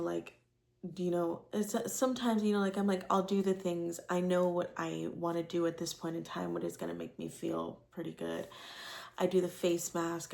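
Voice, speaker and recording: Gravelly-voiced young woman telling a story. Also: lowish voice, a little mellow. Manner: rambling and frank, with casual swearing and many fillers. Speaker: vlogger. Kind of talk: candid personal storytelling.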